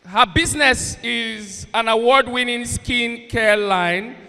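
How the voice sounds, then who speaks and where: A man's voice: very high-pitched, slow, gravelly, bright, forceful tone. A man working as a comedian and event MC, teasing the audience and hyping up the crowd on stage. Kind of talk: stand-up banter and stage hosting. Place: large university event hall on stage. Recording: long hall reverb over a PA.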